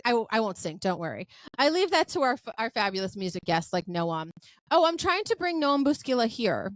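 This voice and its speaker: A woman's voice: on the high side, a little fast, no echo. Chatty, effusive woman podcast host. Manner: chatty and effusive, with many "like" and "um" fillers; lively storyteller who acts out quoted dialogue. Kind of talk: casual podcast chat.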